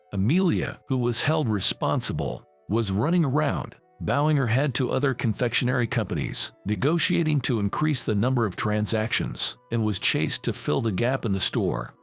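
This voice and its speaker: A man giving scripted first-person story narration in a steady, measured storytelling manner. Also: mid-range voice, creaky.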